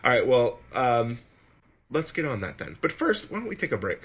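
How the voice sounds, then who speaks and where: A man's voice: medium pitch, sing-song, normal speed, heavy background noise. A man hosting a podcast in casual chat, rambling and self-mocking, often stumbling and restarting. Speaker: podcast host.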